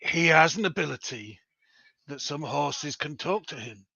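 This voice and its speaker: Unsure tabletop player, sharp, higher voice; dry, muffled mic. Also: male voice, expressive, measured pace, gravelly, slightly rough, dry recording.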